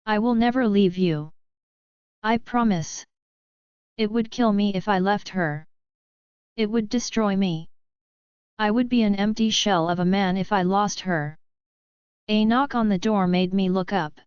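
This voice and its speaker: Woman narrating in a smooth voice. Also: medium pitch, measured pace, dry recording, muffled recording. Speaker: audiobook narrator. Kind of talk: scripted first-person narration.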